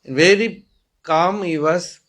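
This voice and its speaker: A man's voice: high-pitched, takes it slowly, fairly bright tone, rough recording. Indian man giving a spiritual talk. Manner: storytelling, asks "Hmm?" to listeners, chants Sanskrit verses. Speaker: spiritual teacher. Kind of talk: spiritual discourse.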